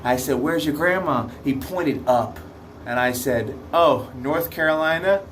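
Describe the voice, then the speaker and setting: A camp counselor tells a story in a lively way, slipping into the kids' voices. His voice sits a little high for a man, with a faint background hiss. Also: measured pace.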